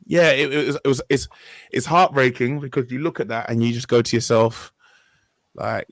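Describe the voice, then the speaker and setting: A man's voice: mid-range voice, fairly even intonation, moderate pace, dry recording, poor audio. A young man hosting a casual discussion, talking in an earnest, rambling way and often correcting himself mid-sentence. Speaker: podcast host.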